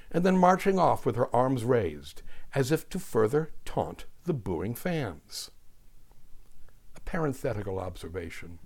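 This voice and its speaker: Male narrator, wry and deliberate, reading a scripted piece with dry asides at a middle pitch. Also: a little mellow.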